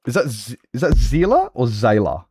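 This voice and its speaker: A man's voice: medium pitch, very animated, moderate pace, darkish tone, a little hiss or hum. A man chatting casually on a gaming livestream, swearing freely and laughing often. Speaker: streamer.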